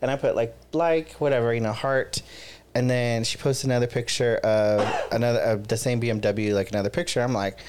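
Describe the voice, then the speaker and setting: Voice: mid-range voice, fairly even intonation, a little fast, a little mellow, slight background noise. Chatty rambling podcast co-host. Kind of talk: casual chat.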